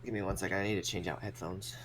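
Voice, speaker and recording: Low-voiced joking man, tabletop player. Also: fairly even intonation, very fast, noisy background. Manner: joking, playful. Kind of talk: casual chat during a tabletop game.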